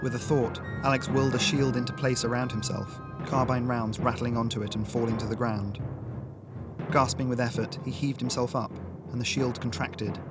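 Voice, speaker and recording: A man narrating a sci-fi action audiobook with steady, dramatic pacing. His voice sits in an ordinary middle range. A music bed plays clearly behind him. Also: mid-range voice, normal speed. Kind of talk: scripted narration.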